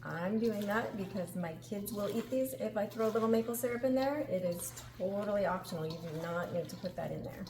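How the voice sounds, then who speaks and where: Speaking a little fast with few pauses in a mid-range voice, a middle-aged cooking show host runs a relaxed demo from her home kitchen. She's cheerful and talkative, laughing a lot, against echoey kitchen acoustics and background noise.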